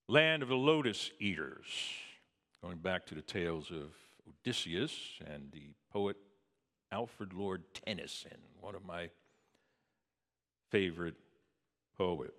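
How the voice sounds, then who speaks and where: A man preaching a sermon in a church, swinging from hushed tones to booming cries. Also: lively intonation, slow pace, long pauses, big-room sound.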